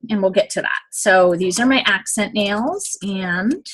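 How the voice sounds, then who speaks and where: A woman's voice: mid-range voice, a little slow, slight background noise. A woman giving a casual step-by-step nail application demonstration, checking in often with "okay?". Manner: chatty, step-by-step instructions with frequent "okay?" check-ins.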